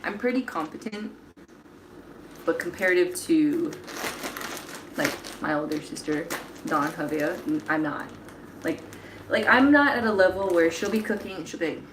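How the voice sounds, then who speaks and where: A woman's voice: fairly low pitch, expressive, normal speed, pauses often, noisy background. Chatty woman baking on a livestream. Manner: chatty, self-deprecating, reads viewer comments aloud. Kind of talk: casual livestream chat while baking. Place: home kitchen.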